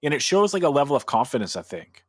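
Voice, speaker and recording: A man co-hosts a music podcast in a loose, rambling way. He swears casually and leans on fillers like "like" and "you know". His voice sits at an ordinary pitch and sounds dry and close, with no room around it. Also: big pitch swings, fast, breathy edge, dry recording. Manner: loose and profane, heavy on filler words. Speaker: podcast co-host. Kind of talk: casual chat.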